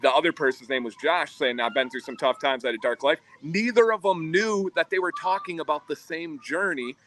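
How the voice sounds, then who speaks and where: A man's voice: on the high side, brisk, a bit bright, a little hiss or hum, rough recording. A man co-hosting a livestream, earnestly telling a story about his community. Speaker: co-host. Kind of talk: livestream chat.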